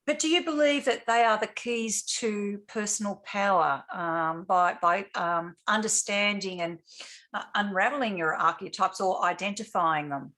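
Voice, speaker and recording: Woman interviewer, gentle and hesitant. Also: medium pitch, moderate pace. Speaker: interviewer, host. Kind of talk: interview questions.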